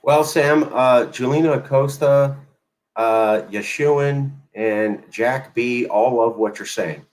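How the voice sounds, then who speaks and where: Man, political show host, sarcastic, emphatic, mid-pitched voice. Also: slow, a little mellow, rough recording. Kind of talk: political talk show commentary.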